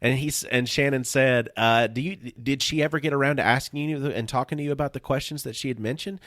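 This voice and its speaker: A fast-talking man with a mid-range voice co-hosts a podcast, recorded at studio quality with no echo. In the casual chat he tells stories in an animated way and laughs often.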